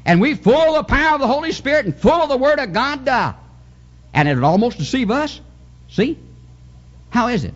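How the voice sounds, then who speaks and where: A man preaching a fervent Pentecostal revival sermon, swinging his pitch and chuckling as he goes. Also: sing-song, brisk, pauses often, muffled recording. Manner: fervent, sing-song preaching with sudden pitch jumps and chuckles.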